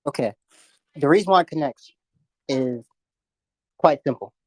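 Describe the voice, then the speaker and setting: A man's voice: a little high, unhurried, a little mellow, dry recording. A young man in a casual online debate, insistent and at times mumbling.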